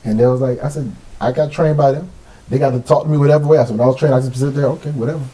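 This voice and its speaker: A man telling stories in a casual podcast chat, blunt and animated, acting out what people said to him. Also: mid-range voice, rapid-fire, low-quality recording. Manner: blunt, animated storytelling with quoted dialogue. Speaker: podcast co-host.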